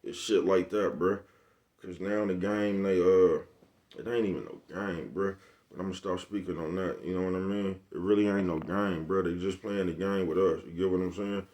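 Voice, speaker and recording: A man's voice: low voice, steady tone, normal speed, a little mellow. A man with a Bay Area accent talking casually to camera in a slangy, rambling monologue and laughing often. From San Francisco Bay Area. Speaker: vlogger.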